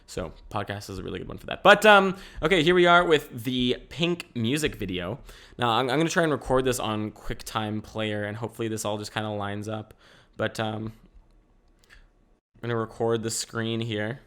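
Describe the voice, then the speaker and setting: Young male podcast host, energetic and rambling, casual chat from home. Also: on the low side, moderate pace. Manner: rambling and energetic, laughs often.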